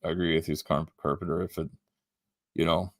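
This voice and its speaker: A man's voice: rumbling low, flat delivery, brisk, no echo, studio quality. A Canadian man hosting a casual livestream, reading comments aloud and rambling with many restarts and ums. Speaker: livestream host.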